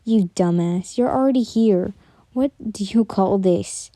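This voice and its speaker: A woman's voice: mid-range voice, a little slow, no room sound, close to an everyday voice. A woman voicing a smug, cocky young male fighter. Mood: annoyed. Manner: mocking, calm and smug. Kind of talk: whispered role-play.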